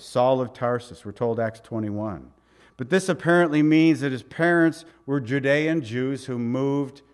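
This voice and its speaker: Male pastor, mid-pitched, emphatic sermon delivery with quiet asides. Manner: emphatic, swings from loud stress to quiet asides. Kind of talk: expository sermon.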